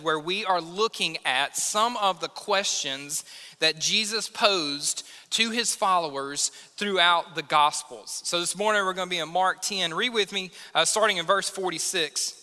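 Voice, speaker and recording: Pastor, male, 30s; high, sharp voice, chatty sermon delivery, church hall reverb. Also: normal speed. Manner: conversational, self-deprecating preaching with acted quotes. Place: church sanctuary.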